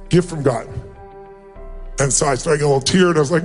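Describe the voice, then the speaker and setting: A middle-aged motivational speaker with a high-pitched, very animated voice talks fast, telling an emotional personal story that rises to emphatic peaks. Faint music plays behind him.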